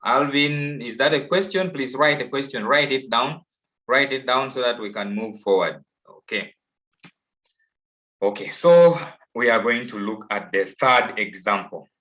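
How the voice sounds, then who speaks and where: A man's voice: mid-range voice, animated, a little slow, bright, forceful tone. A man with a Ugandan English accent teaching an online class, coaxing pupils and repeating himself patiently. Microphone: video call. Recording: dull, lo-fi online call audio.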